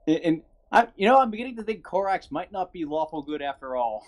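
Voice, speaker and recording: A player in a tabletop role-play, animated and chuckling. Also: medium pitch, normal speed, pauses often.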